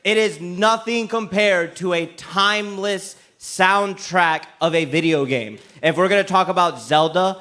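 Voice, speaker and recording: A man's voice: sits high, measured pace, hardly any pauses, pushed and bright. A man arguing his side in a mock courtroom panel, emphatic and building to a firm closing, in front of a live audience. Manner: emphatic, builds to a rousing finish. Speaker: debating lawyer on a comedy panel. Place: convention panel room before a live audience.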